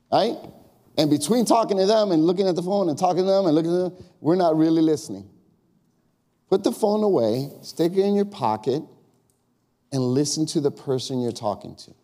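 A man's voice: on the high side, dark tone. A male pastor preaching a conversational sermon, acting out quoted questions in a raised voice.

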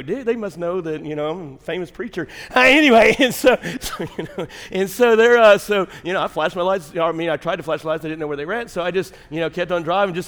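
A man pastor, preaching a sermon and telling a funny story in an animated, storytelling way in a church. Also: high voice. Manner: animated storyteller who acts out his wife's yelling. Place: church sanctuary. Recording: long hall reverb.

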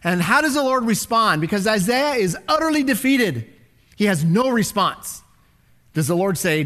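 A man with a high voice preaches a dramatic sermon. He swings from loud, ringing declarations down to near-whispers as he reads and explains scripture. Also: very animated, normal speed. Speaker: pastor.

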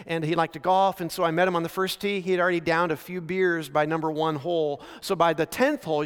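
High-voiced male preacher in a reverberant hall. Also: fairly bright tone, clean tone. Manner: conversational storytelling preaching with frequent slowdowns for emphasis. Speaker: pastor. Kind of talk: sermon. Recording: long reverb of a large hall.

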